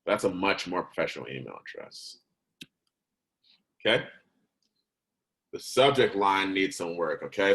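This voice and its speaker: A man with a very low voice walks his students through a recorded lesson. He keeps it conversational and checks in with "right?" and "okay?" every few sentences. Now and then he stops partway through a word to correct himself. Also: a bit bright, low-quality recording. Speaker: teacher.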